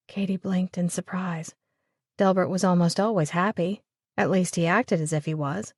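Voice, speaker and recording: A woman narrating a romance audiobook in a steady, even storytelling voice. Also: on the low side, normal speed, no room sound, clean studio sound. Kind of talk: scripted narration.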